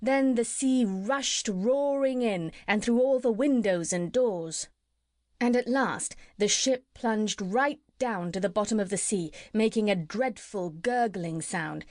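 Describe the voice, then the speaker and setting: A woman narrating a classic children's story as an audiobook reader, steady and clear. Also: medium pitch, unhurried, no room sound. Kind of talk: scripted narration.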